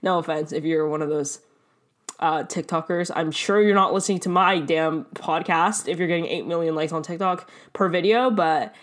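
A woman's voice: low voice, normal speed. A young woman from Canada hosting a solo podcast, telling stories in a chatty, rambling way with frequent laughs and casual swearing. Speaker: podcast host.

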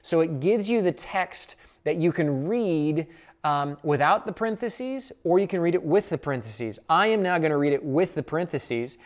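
A Bible study teacher with a mid-range voice leads a casual lesson at a moderate pace, explaining each point in a relaxed, conversational way. It sounds unscripted, as the teacher works through thoughts aloud while going over the passage.

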